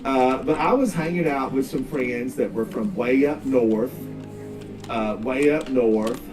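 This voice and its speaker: Streaming a game, a Smoky Mountains man from North Carolina talks in an unhurried, mid-range Southern voice over music. He rambles folksily and drawls his words, captured on a distant mic with faint background noise.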